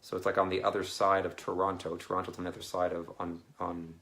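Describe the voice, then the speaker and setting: A man's voice: low-pitched, little pitch movement, fast talker, creaky, fairly bright tone. A man chatting casually and rambling to viewers on a live video, often laughing between thoughts. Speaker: Christian ministry speaker.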